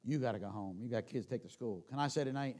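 An older man preaching a sermon, telling stories and swinging from loud bursts to hushed asides. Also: mid-range voice, quick pace. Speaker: traveling preacher. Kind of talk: sermon with storytelling.

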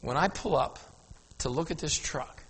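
A man with a high, bright, slightly husky voice preaching a lively storytelling sermon. He keeps checking in with the congregation and urging them to watch closely. His voice rings with a long reverb through a large church hall. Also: normal speed. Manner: animated, asks the crowd "Amen?", often says "now watch".

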